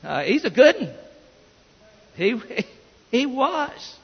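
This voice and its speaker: Male pastor, high gravelly voice, slow emphatic preaching, dull echoing church recording. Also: huge pitch swings. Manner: emphatic preaching with repeated restarts. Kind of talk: sermon.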